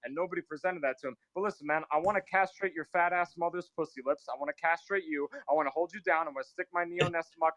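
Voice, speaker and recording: A man with a high, bright, edgy voice rants fast and furiously, hurling profanity and then dropping suddenly quiet. The sound is close and dry, with no room around it. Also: fairly even intonation, no room sound, low-quality recording. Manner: aggressive, profane, ranting with sudden drops to quiet. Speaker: guest on a live call-in stream. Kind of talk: heated live-stream argument.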